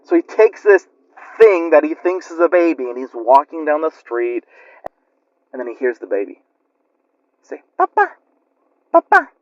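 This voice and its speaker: A man's voice: on the high side, moderate pace, a little mellow, no room sound. A man telling a spooky story in a rambling, chatty way with lots of fillers. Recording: lo-fi muffled recording.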